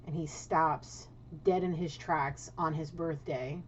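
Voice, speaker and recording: A woman's voice: low voice, steady tone, takes it slowly, a little hiss or hum. A woman giving a casual spiritual tarot reading, blunt and swearing, often checking in with "okay?". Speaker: tarot card reader. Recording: dull lo-fi audio.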